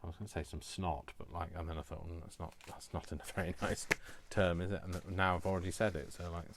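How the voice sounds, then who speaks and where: A man's voice: low-pitched, level tone, quick pace, noisy background. A man hosting a casual crafting tutorial at home, rambling and self-mocking as he works. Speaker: crafting video host. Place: room at home.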